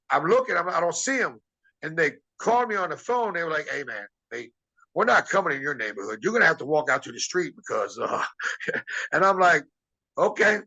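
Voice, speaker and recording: A man tells long, rambling stories from his wrestling days, slipping into the voices of the people he quotes. His voice is husky but bright and forceful, a little higher than most men's. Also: poor audio. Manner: rambling anecdotes, acts out quoted dialogue. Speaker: interview guest, former wrestler. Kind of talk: casual storytelling.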